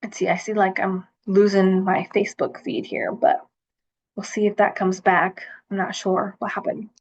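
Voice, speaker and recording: A woman's voice: mid-range voice, level tone, moderate pace. Chatty woman on a lo-fi livestream. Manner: chatty, rambling, with many fillers. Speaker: self-love coach hosting a livestream. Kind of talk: casual livestream talk.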